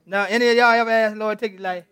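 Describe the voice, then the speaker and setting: A male pastor leads an interactive sermon, chatting with his congregation and joking with individual members. His voice sits high, and the recording is dry and close. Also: steady tone, very fast, a bit bright, smooth, dry recording. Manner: conversational, teasing the congregation, retells scripture with playful voices.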